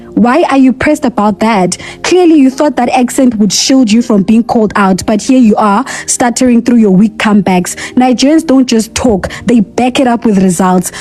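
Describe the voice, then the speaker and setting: This woman argues on a live-stream panel in a combative, scolding way, with sassy slang. Her voice sits a little high but sounds mellow and warm rather than bright. She comes through a phone mic. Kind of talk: heated live-stream debate.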